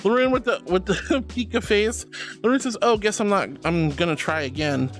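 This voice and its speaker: A woman streaming live on a headset mic, chatting casually and reading chat aloud in a playful, animated, teasingly indignant way. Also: medium pitch, normal speed, soft background music.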